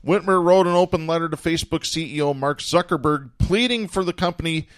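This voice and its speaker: Sardonic, higher-voiced man. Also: fairly quick, clear, resonant tone, no echo. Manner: sardonic, chuckles while reading. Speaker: podcast host. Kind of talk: casual political talk, reading news aloud.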